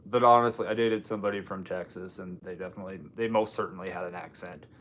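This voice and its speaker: A man's voice: sits low, steady tone, fast talker, fairly bright tone, a little hiss or hum. A man from Washington State hosting a casual live stream, rambling and joking while answering viewer comments. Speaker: livestream host.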